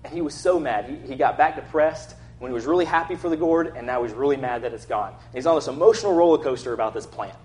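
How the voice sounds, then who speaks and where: A man's voice: medium pitch, quick pace, few pauses, a little mellow. A young man preaching a casual, conversational sermon, acting out quotes in an everyday voice. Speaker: pastor.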